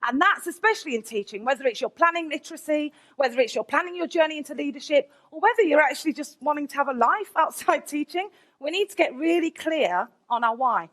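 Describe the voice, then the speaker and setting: Woman, high voice, conference keynote, candid, animated storyteller, middle-aged. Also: quick pace. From England, Nottingham. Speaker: keynote speaker, teacher.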